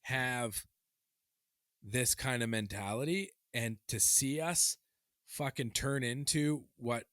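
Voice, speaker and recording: Bright-voiced, fired-up man ranting. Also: mid-range voice, slow pace, no echo, clean studio sound. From Canada. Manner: heated, swearing, animated ranting. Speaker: podcast co-host. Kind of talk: casual chat.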